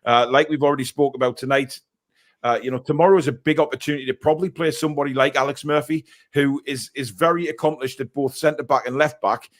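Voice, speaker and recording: A man's voice: medium pitch, steady tone, fast. A man hosting a casual fan podcast, chatting and reacting with frequent filler words. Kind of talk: casual live-stream chat.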